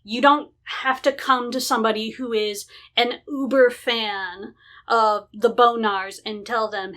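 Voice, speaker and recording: A woman co-hosting a podcast, giving deliberate, opinionated views on running tabletop games. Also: fairly high pitch, steady tone, pushed and bright. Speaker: podcast co-host. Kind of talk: casual chat about running tabletop games.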